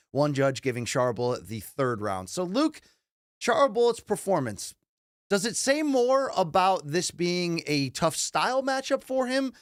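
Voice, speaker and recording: Lively man posing questions. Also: fairly high pitch, dry recording, studio quality. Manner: asks long questions, lively delivery. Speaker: podcast co-host. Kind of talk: casual sports debate.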